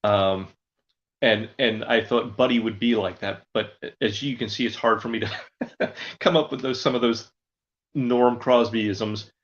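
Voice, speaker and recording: A man's voice: lowish voice, steady tone, measured pace, muffled recording. An older man who performs as a ventriloquist, telling rambling stories in a casual interview. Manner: rambling, anecdotal storyteller. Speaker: ventriloquist guest.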